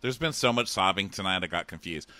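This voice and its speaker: Lively laughing man recapping a show. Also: deep voice, a little fast, dry recording. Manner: laughing, animated, mocking impressions. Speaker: podcast co-host. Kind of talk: casual chat recapping a reality show.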